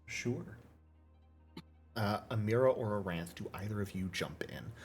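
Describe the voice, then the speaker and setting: Slow, husky low-voiced game master. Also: male voice, soft background music. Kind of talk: running a tabletop game.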